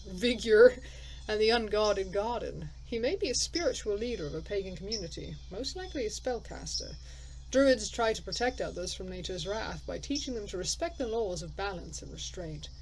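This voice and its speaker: A woman's voice: mid-range voice, big pitch swings, normal speed, slight background noise, low-quality recording. A woman playing a story game, reading its text aloud and thinking aloud in casual, chatty commentary, laughing at herself. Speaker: let's player.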